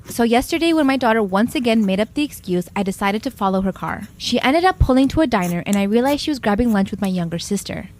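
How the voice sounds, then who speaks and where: A woman reading forum posts aloud in a quick, steady read-aloud delivery. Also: fairly high pitch.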